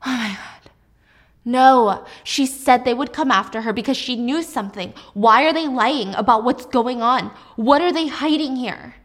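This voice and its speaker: A woman's voice: on the high side, measured pace. A woman voicing a frightened young wife who pleads to be believed, distraught and insistent. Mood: distraught pleading.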